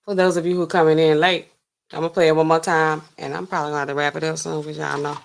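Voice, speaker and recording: Low-pitched and gravelly, her voice races along in a level tone. The pharmacist host chats sassily with her stream, reacting to chat with incredulous laughter.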